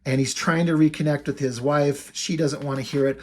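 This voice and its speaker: A man's voice: on the high side, steady tone, brisk, darkish tone. A man casually recapping a comic book story as a reviewer, retelling scenes with loose paraphrased quotes.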